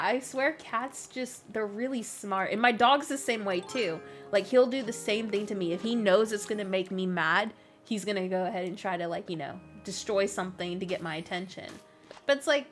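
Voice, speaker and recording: A woman's voice: fairly high pitch, a bit bright. A woman live streaming a game, chatting casually, rambling and laughing often as she jokingly complains about her pets. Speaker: gaming streamer.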